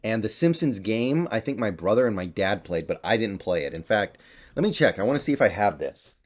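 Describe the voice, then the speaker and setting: Young male gaming host, lower register, relaxed off-the-cuff chat. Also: a little fast. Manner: chatty, offhand, thinking aloud. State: slight cough and voice crack. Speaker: gaming YouTuber. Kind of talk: casual tier-list commentary.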